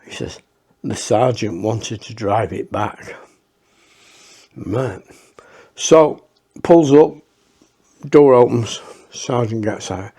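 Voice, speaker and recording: A man's voice: lowish voice, slow pace, long pauses, mellow, breathy edge. A man telling a rambling, profane anecdote in a casual way, with many restarts. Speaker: storyteller.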